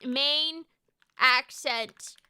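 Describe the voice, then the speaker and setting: A woman streaming as a VTuber in casual chat, loud, swearing often and tripping over her words. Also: high voice, drawn-out words, no room sound. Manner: loud, swears a lot, stumbling restarts. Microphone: streaming mic.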